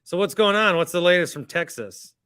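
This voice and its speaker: Male show host, higher bright voice, joking and teasing tone. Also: animated, fairly quick, smooth, dry recording, clean studio sound. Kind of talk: casual call-in chat.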